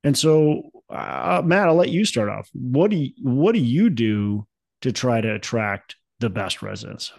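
A man's voice: medium pitch, very animated, a little slow, vocal fry, darkish tone, no room sound. A man in his thirties from Minnesota, co-hosting a podcast in casual chat, rambling and upbeat with many restarts. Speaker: podcast co-host.

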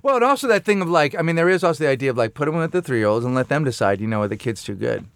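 A man's voice: medium pitch, lively intonation, racing, creaky, no echo. A man co-hosting a comedy podcast, joking and riffing in casual chat.

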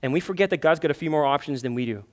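In a church sanctuary, a high-voiced pastor in his thirties preaches in an animated, rapid-fire way. His energy runs high as he acts out desperate prayers, pleading in a raised voice.

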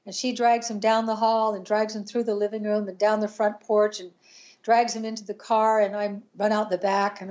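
An older woman appearing as a podcast guest recounts a painful personal story, earnest and halting, with restarts and pauses. Her medium-pitched voice is flat and darkish, and the audio sounds dull.

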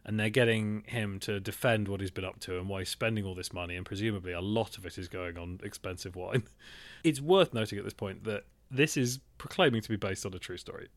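A man co-hosting a podcast and chatting about a film in a rambling, animated way, swearing and laughing often. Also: lowish voice, fairly quick, no room sound. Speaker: podcast co-host. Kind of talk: casual film chat.

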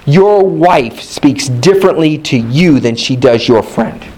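A man's voice: fairly high pitch, lively intonation, measured pace, a little mellow, rough recording. A man preaching a sermon in a hotel meeting room, building his points through rhythmic repetition and call-and-response with the congregation.

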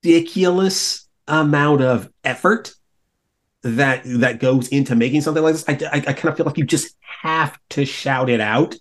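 Enthusiastic man with a higher voice. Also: normal speed. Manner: enthusiastic, laughs often while talking. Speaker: podcast guest. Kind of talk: casual roundtable chat.

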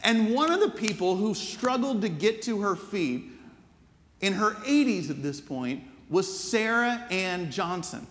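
A man's voice: sits high, fairly bright tone, long reverb tail. A man preaching a sermon as pastor, telling stories in an earnest, conversational way. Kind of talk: storytelling sermon.

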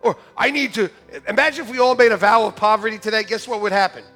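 Animated, bright-voiced male pastor. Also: high-pitched, racing, soft background music. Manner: jokey and animated, swinging between loud punchlines and quiet earnest asides. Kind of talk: sermon. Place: church sanctuary with a congregation. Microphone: church sound system, live-streamed.

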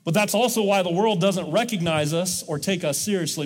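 A man's voice: high-pitched, a little fast, few pauses. Man preaching in a reverberant church. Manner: call-and-response, urging the congregation to repeat. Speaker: pastor. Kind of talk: sermon. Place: church sanctuary.

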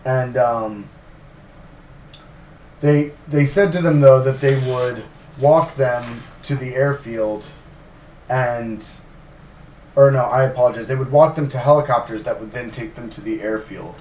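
A man co-hosting a podcast, retelling history in a casual, animated way with fillers, swearing and sarcastic asides. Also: mid-range voice, a little slow, pauses often, slight background noise. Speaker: podcast co-host narrating history. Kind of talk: casual storytelling. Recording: roomy, distant mic.

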